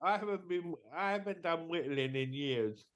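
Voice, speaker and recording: A man's voice: fairly high pitch, normal speed, a bit bright. A man co-hosting a podcast, giving short, wry, laid-back replies in casual chat. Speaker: podcast co-host.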